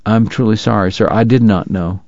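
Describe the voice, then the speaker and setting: A man's voice: lowish voice, a little fast, vocal fry, a little mellow, dry recording, dull audio. A man voicing a formal, long-winded Southern dentist and gambler with a drawl, in a read-aloud story.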